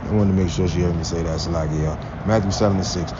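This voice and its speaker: A man's voice: low voice, steady tone, quick pace. Blunt, profane man ranting, lo-fi audio. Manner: blunt, profane, quotes scripture, laughs. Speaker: religious vlogger. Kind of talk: casual profane preachy rant. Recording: dull lo-fi recording with faint vehicle noise.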